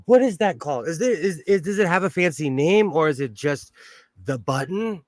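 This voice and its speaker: A man's voice: on the high side, expressive, moderate pace, a little mellow, no echo. A man chatting casually on his sewing livestream from his home sewing room, rambling and laughing often. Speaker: livestream host.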